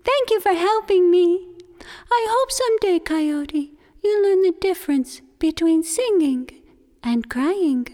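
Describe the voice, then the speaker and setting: A woman voicing a tiny lost young male turtle who is tearful but stubborn, with a high, wailing, pleading voice. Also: expressive, slow pace, mellow, heavily acted. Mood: defiant. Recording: long hall reverb.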